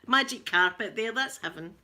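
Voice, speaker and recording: A Scottish woman with a rough voice, chatting casually and laughing as she tells stories to viewers on a live stream. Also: on the high side, animated, normal speed, sharp tone. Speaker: livestream host chatting with viewers.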